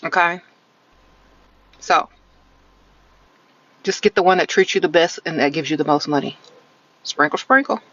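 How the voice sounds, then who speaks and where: A woman's voice: sits low, moderate pace, pauses often, a bit bright, highs cut off. Sassy woman streaming advice from her car. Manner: sassy, blunt, tagging lines with "okay?"; sarcastic, teasing catchphrase "sprinkle, sprinkle". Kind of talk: live-stream dating advice, answering comments. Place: inside a car. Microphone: phone held close.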